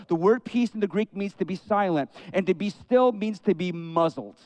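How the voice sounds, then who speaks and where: Male pastor, high voice, expressive sermon delivery with acted-out quotes. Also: moderate pace, few pauses, dry recording. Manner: expressive preaching, acts out quoted prayers.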